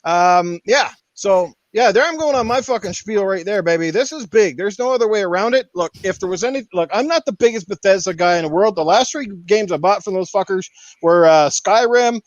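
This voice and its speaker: A high-pitched man hosts a podcast and rants hard, swearing freely and pushing each point with heat. The sound is dull and lo-fi, and the voice is dry with no room echo. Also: expressive, brisk. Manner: profane, fired-up ranting. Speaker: podcast host. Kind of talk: casual podcast rant.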